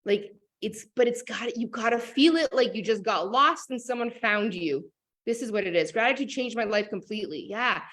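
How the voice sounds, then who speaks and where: A woman talking casually as a motivational coach, animated and full of fillers like "like" and "oh my God". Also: a little high, moderate pace. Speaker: business and manifestation coach.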